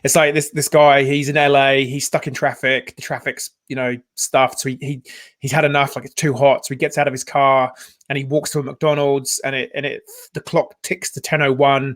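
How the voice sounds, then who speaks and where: A man hosting a casual podcast conversation, telling stories in an animated, rambling way and often restarting his sentences. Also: mid-range voice, a little fast. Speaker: podcast host.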